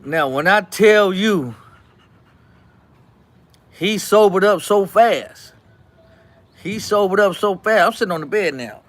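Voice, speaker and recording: A man with a strikingly high voice tells a story to his show's audience. He talks casually and animatedly, acting out what others said and repeating lines for effect. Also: animated, takes it slowly, pauses often, fairly bright tone. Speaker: host telling a story.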